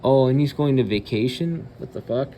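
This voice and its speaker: A man's voice: mid-range voice, moderate pace, warm tone, a little hiss or hum. A man hosting his channel, ranting bluntly and cursing often, with hesitant fillers between remarks. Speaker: channel host. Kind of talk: profane ranting commentary.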